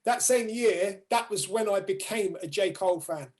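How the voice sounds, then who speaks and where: A man with a southern English accent hosting a podcast, relaxed and slangy, asking long rambling questions. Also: high voice, normal speed. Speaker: podcast host. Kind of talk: casual podcast chat.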